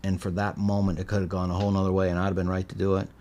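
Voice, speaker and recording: Middle-aged michigan guy telling a story on a podcast, animated, acts out the quotes. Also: sits low, very fast, a little hiss or hum. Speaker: guest. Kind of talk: casual storytelling interview.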